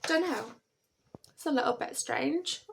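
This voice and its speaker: A woman's voice: high-pitched, measured pace, creaky, background noise. A British woman chatting to camera at home in a rambling, chatty way, laughing often. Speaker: vlogger. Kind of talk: casual chat to camera.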